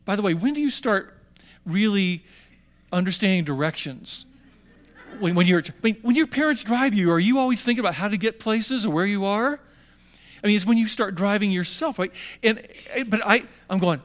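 An older man with a high voice and moderate pace relates a personal story to young people. His storytelling is animated, complete with acted-out voices for the characters.

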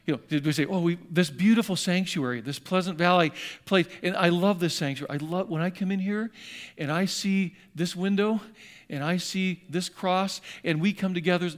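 A man preaching a sermon in a church sanctuary, dramatically acting out scripture voices and swinging between loud and hushed. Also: high voice, normal speed. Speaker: pastor.

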